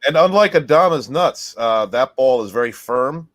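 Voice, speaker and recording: A man's voice: mid-range voice, lively intonation, normal speed, no room sound. A man co-hosting a podcast, joking crudely and swearing while he chats about a TV episode. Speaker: podcast co-host. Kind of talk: casual chat reviewing a TV episode.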